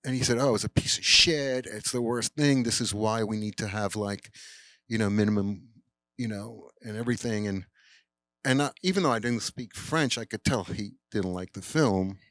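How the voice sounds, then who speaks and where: A man's voice: on the low side, normal speed, a bit bright, no echo. An older man, a film director, telling a rambling anecdote at a live Q&A with lots of fillers and quoted voices. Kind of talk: casual storytelling in a Q&A. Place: cinema, live Q&A.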